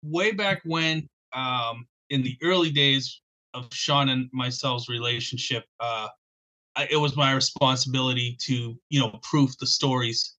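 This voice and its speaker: Bright-voiced male author, candid and joking. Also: mid-range voice, steady tone. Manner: candid, self-deprecating, halting restarts. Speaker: author guest. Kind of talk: casual podcast interview.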